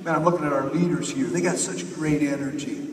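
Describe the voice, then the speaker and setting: A man's voice: on the high side, fairly even intonation, brisk, slight background noise. A man giving a rousing, repetitive motivational speech to a conference audience from a stage. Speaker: company leader speaking at a conference. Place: large conference hall. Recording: echoey hall from far off.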